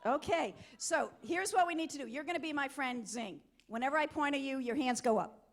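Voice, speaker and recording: A middle-aged woman giving an energetic, interactive motivational talk at a conference, coaxing volunteers from the audience. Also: sits high, brisk. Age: middle-aged or older. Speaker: conference keynote speaker. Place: conference hall.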